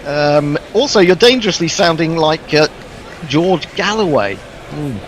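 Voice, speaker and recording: A man's voice: on the high side, expressive, measured pace, a little hiss or hum. A man hosting casual cricket commentary, hesitant with many ums, reading out listener messages.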